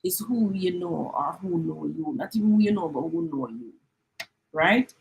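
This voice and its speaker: A woman's voice: on the low side, moderate pace, creaky, rough recording. A middle-aged Jamaican woman chatting on a live stream, slipping into patois and acting out little back-and-forth exchanges. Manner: chatty, mixes in patois, acts out little dialogues. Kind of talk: casual live-stream chat.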